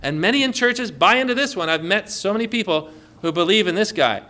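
A man's voice: high voice, lively intonation, brisk, bright, forceful tone. A man preaching a sermon as pastor, emphatic and often putting questions to the congregation.

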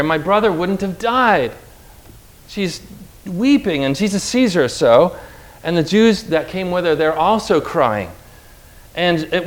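A man preaching a heartfelt, earnest sermon whose voice rises and falls with feeling. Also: fairly high pitch. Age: adult whose father recently died. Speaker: pastor.

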